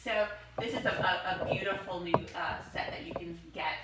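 A woman's voice: lowish voice, steady tone, moderate pace, loud music behind the voice. A woman chatting enthusiastically as she shows off home decor products one by one. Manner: enthusiastic, chatty, gushing over items. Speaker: product demonstrator. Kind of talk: casual product showcase. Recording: echoey room, distant mic, noisy.

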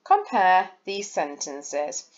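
A woman's voice: on the low side, huge pitch swings, takes it slowly, a little mellow, dull audio. A woman, a primary school teacher giving a recorded lesson and explaining patiently, step by step, to young children. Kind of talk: recorded lesson over slides.

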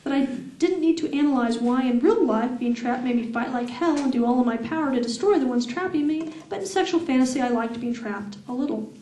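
A woman reading her own novel aloud at a fan event, with slow, deliberate, sensual delivery. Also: sits high, mellow, recorded from a distance. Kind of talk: public reading of fiction. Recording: echoey room heard from afar.

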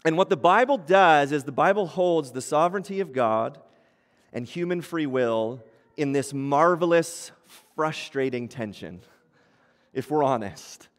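A man's voice: fairly high pitch, expressive, a little slow. Conversational man preaching in a reverberant hall. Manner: conversational preaching with acted-out quotes. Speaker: pastor. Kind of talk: sermon. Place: church hall. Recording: long church hall reverb.

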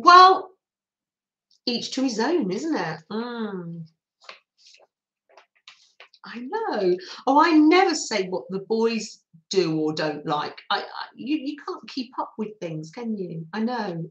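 A woman's voice: a little high, fairly bright tone, echoey room, lo-fi sound. A middle-aged woman, hosting a chatty live craft stream and greeting her viewers cheerfully. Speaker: craft livestream host.

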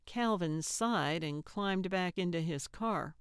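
A woman narrating a cozy mystery audiobook in a measured, deadpan way. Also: fairly low pitch, smooth, no echo, studio quality. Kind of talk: scripted narration.

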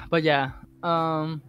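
A man being interviewed as a podcast guest, telling a casual story full of swearing and restarts. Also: fairly high pitch. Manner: rambling, heavy swearing, animated retelling.

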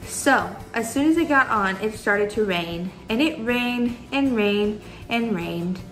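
A woman's voice: fairly high pitch, expressive, slow pace, a bit bright, faint music behind, rough recording. A young woman teaching a children's church lesson, chatty and upbeat, talking straight to the kids. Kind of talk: Bible story lesson for kids.

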